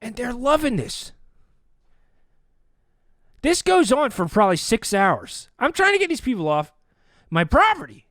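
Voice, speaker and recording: A man hosting a podcast, telling a comic story with animated delivery and acted-out voices. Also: very high-pitched, measured pace, pauses often, no room sound, studio quality. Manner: animated, acts out quoted voices. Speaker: podcast host. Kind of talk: comedic storytelling.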